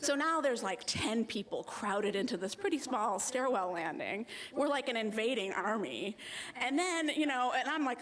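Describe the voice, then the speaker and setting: American woman telling a true story live, lively and self-mocking, does little voices for people. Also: a little high, a little fast. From United States.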